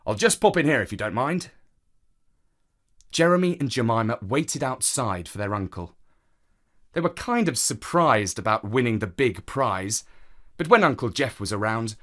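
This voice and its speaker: Man, children's story narration, slow, animated intonation. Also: mid-range voice.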